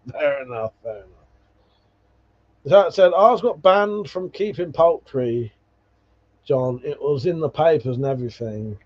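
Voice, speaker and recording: Chatting casually on a livestream, this male host reads viewer comments and spins rambling stories packed with swearing and laughter. His voice sits on the high side with lively intonation, a slightly slow pace, and frequent pauses. The stream audio is dull and lo-fi.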